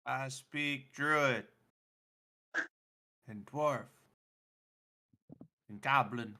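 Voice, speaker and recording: A male player in a tabletop game with a bright, tense tone and a slightly high voice. He speaks slowly and jokes with the group. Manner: joking player banter.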